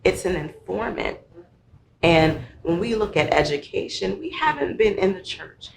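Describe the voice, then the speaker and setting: A woman speaking as an expert guest, explaining emotions in a lively conversational way with everyday examples. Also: on the low side, measured pace, creaky, reverberant, slight background noise, rough recording. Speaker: guest, mental health professional. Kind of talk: conversational teaching.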